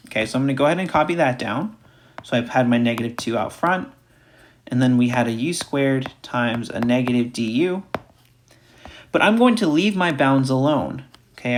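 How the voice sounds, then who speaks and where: A man teaching a recorded math lecture, talking through each step aloud and repeating key points. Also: mid-range voice. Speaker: math instructor.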